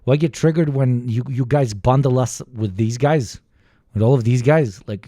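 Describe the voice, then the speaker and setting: A man's voice: medium pitch, normal speed, dark tone, dry recording, studio quality. A young man from the former Yugoslavia giving a casual, profane, ranting reaction commentary and mimicking other people. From former Yugoslavia, Balkans. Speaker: reaction streamer.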